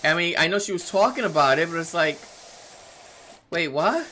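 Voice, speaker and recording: A man in his thirties talks casually on a live game stream at a normal pace, rambling, laughing a lot, and replying to chat. He's animated, and his pitch jumps when he gets excited. There's a little hiss or hum in the background.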